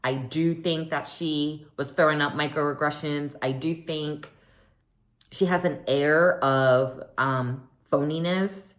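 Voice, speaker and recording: Speaking low and slow, a young woman casually walks through what happened on a reality show. She offers plenty of opinions, chats freely, and animates the lines she quotes.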